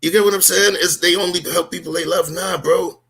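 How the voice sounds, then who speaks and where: Man, husky gravelly voice, emphatic and rhetorical, heated stream talk. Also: high-pitched, steady tone, brisk, pushed and bright. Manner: emphatic, rhetorical, street slang. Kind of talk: heated live-stream discussion.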